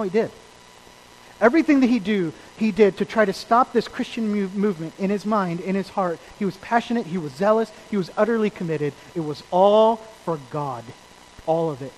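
A man preaching a sermon to a congregation at a church service. He is emphatic, swings between loud and quiet, and puts questions to the listeners. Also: high-pitched, expressive, moderate pace, a little hiss or hum, rough recording.

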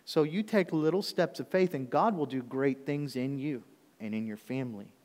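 Male pastor, conversational sermon, asks "okay?" often, mid-pitched voice, long hall reverb. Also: normal speed, darkish tone. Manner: conversational preaching with frequent "okay?" check-ins.

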